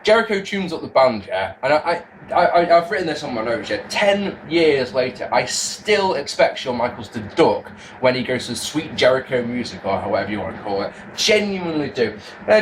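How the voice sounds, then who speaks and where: Animated man rambling through a review. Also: on the high side, a little hiss or hum. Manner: rambling, self-interrupting, excitable. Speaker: wrestling video reviewer. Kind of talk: casual spoken review to camera.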